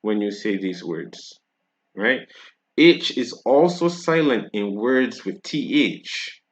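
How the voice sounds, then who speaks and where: Barbadian man teaching, patient and slow. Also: mid-range voice, very animated, dull audio. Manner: explains patiently, with frequent tag questions. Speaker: French teacher. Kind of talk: casual video lesson.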